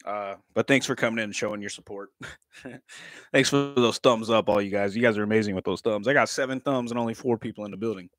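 A livestream vlogger in his 30s talks fast in a voice on the low side. He chats casually, jokes, laughs often, and swears freely.

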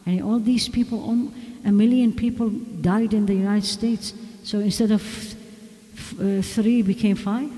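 A woman's voice: medium pitch, dark tone. Emphatic woman lecturing in an echoing hall. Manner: emphatic, repeats rhetorical questions to the audience. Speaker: religious lecturer. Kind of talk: religious lecture to a women's audience. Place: large mosque hall. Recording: long hall reverb.

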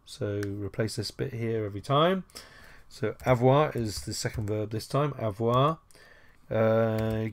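Slow, low-voiced man teaching a lesson. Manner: chatty, jokey asides, frequent "uh" and "so". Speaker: language teacher. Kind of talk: screen-recorded language lesson.

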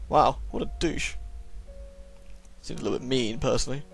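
A man's voice: mid-range voice, normal speed, vocal fry, pauses often, husky, faint music behind. A man with a sore throat giving jokey, sarcastic commentary while playing a horror game. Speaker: let's play host. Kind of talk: gameplay commentary.

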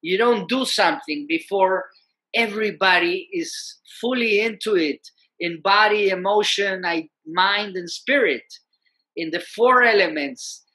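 A man, a musician and peace activist, telling a story as a guest in an animated, conversational way, often saying "you know". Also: high-pitched, a little slow.

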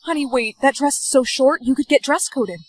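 A woman playing a fussy, worried mother, talking in a hushed, fretting way. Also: high-pitched, a little fast, rough recording.

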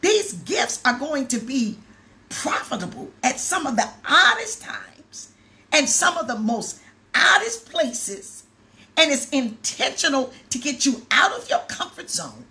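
A woman bishop preaching, telling a story with acted-out dialogue and building to loud exclamations. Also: high voice, slow. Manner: animated storytelling, acts out dialogue, rises to exclamations. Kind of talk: sermon with storytelling.

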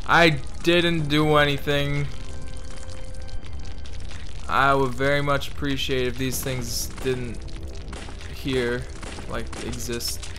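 A young man hosting a gaming channel rambles through casual gameplay commentary, mockingly reading game text aloud, swearing freely, and putting on a joking Italian-ish accent. His medium-pitched voice is bright and forceful.

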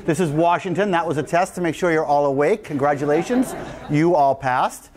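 A man giving an energetic, emphatic public lecture as the guest speaker to a live audience in a lecture room. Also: fairly high pitch, moderate pace.

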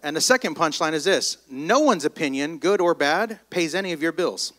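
A man's voice: a little high, moderate pace. A man giving a motivational speech at a live event, telling stories with energy and calling on the crowd to respond. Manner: energetic, storytelling, calls on the crowd. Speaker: motivational business speaker.

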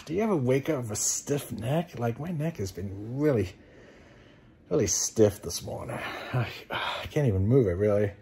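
A middle-aged man chatting casually to viewers in a family vlog at home, rambling with lots of fillers. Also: mid-range voice. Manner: rambling, with many "uh" and "you know"; speaks to the viewers directly as "guys". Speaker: family vlogger and dad. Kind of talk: casual vlog chat to camera.

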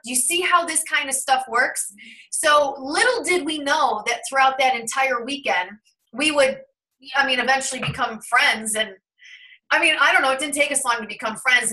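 A woman in her thirties with a bright, sharp, fairly high voice tells a personal story in a loose, chatty way. She acts out the quoted remarks as she goes. Her voice sounds a little distant from the mic. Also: moderate pace. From Ohio, USA. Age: 30s. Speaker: host of a tarot and numerology channel. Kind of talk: casual storytelling on a call.

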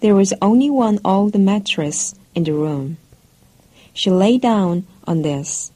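A woman narrates a classic storybook slowly and carefully, for English learners. Her voice is dark and mellow, and her delivery is clear and even. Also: mid-range voice, rough recording. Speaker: audiobook narrator.

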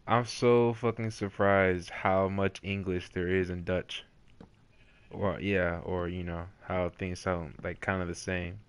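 A man hosting a live game stream, chatting casually, swearing freely and slowly repeating phrases as he tries to learn them. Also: low-pitched, level tone, smooth. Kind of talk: casual gaming chat.

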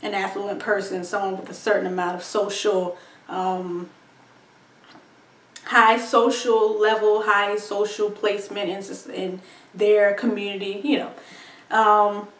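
A woman's voice: medium pitch, level tone, unhurried, far from the mic. A woman reviewing a film in a casual, rambling monologue, full of fillers and frequent laughs. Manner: chatty, rambling, laughs often, lots of ums and likes. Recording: echoey room, voice set back from mic.

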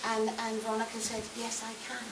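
A woman's voice: a little high, monotone, brisk, natural voice. A woman playing a cheeky, chatty newborn baby girl, telling a rambling story with giggles and constant tangents in a live comedy act. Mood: giggly. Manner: giggly, rambling, easily sidetracked. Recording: echoey, distant mic, loud background noise.

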